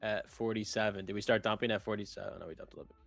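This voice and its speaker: Low-voiced man reading market news. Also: very fast, gravelly, soft background music. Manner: relaxed, joking, reads market news aloud. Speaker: trading stream co-host. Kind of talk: casual live-stream chat with market commentary.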